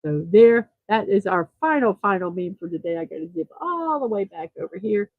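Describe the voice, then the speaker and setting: A woman's voice: mid-range voice, big pitch swings, moderate pace, no room sound, phone-quality sound. A woman hosting a casual livestream morning show, chatting, reading viewer comments aloud and fumbling a little with numbers.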